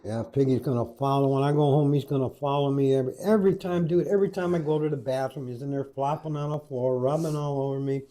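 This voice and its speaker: A man's voice: mid-range voice, fairly even intonation, fast, few pauses, mellow. A man on a podcast, telling crude, profane stories in a rambling, casual way. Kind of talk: casual storytelling.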